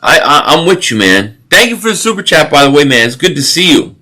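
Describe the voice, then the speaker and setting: Male stream host, casual and opinionated sports talk, high and bright timbre. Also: a little fast. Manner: opinionated, animated sports rant with repeated restarts. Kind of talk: casual live stream chat, reading super chats.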